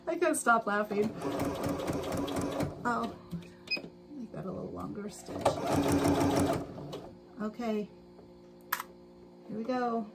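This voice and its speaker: A livestream host with a fairly high, steady, creaky voice speaks slowly and pauses often. She runs a casual sewing stream, chatting with viewers, talking herself through each step and laughing a lot. The noisy stream audio carries the sound of her sewing machine.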